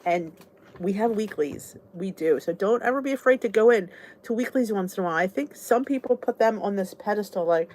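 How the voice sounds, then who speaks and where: A woman's voice: mid-range voice, animated, brisk, a little mellow. A middle-aged woman hosting a casual chat, candid and oversharing, laughing often as she talks. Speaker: vlog host.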